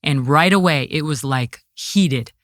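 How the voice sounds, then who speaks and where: A woman with a slightly low voice tells a story in an interview. She is emphatic and casual, with a lot of "like" and "I go". Her voice is dry and close, with no room sound. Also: unhurried, no echo. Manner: acts out others' lines in her retelling, emphatic; frequent "like" and "I go" in speech. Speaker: interview guest.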